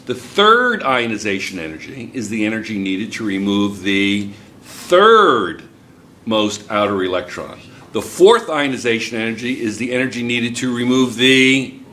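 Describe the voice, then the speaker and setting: An American man with a New Jersey accent teaches a chemistry class and keeps firing questions at the students. His voice is bright. A faint room hum sits behind him. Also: on the low side, big pitch swings, unhurried. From United States. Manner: chatty, asks the class questions. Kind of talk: classroom lecture.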